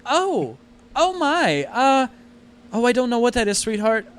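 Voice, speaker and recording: A man voicing a prim, haughty mother in a tabletop game, flustered and fussy, raising his pitch. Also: very animated, measured pace, clean tone, heavily acted.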